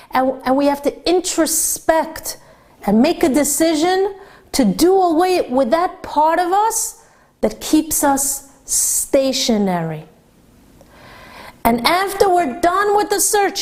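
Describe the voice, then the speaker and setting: A woman religious teacher delivers a Torah lesson to women. Her voice sits high and she speaks slowly, stressing each point with deliberate repetition. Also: a little mellow.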